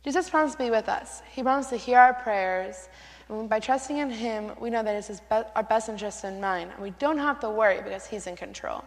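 A reassuring friend, played by a woman in a skit, steady and matter-of-fact with a fairly high voice. The sound hangs in a hall with long reverb. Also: a little fast, natural voice. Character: patient friend urging prayer.

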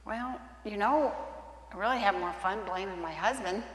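A woman's voice: mid-range voice, normal speed, a bit bright, reverberant, long reverb tail, natural voice. A woman playing a frustrated wife who is reluctant to pray, hesitant and comic.

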